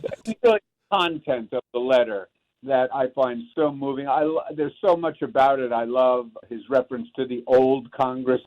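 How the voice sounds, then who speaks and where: Actor guy on a phone line thinking out loud, lots of restarts. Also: mid-range voice. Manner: thoughtful, halting restarts. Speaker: actor, guest. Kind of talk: reflective interview talk.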